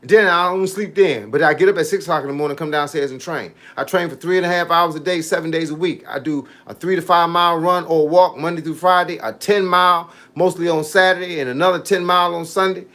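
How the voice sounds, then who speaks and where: Man in his fifties, boxing coach, livestream chat, fairly high voice, animated, slangy, preachy advice. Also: quick pace, few pauses. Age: 50s. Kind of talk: casual livestream chat reading comments.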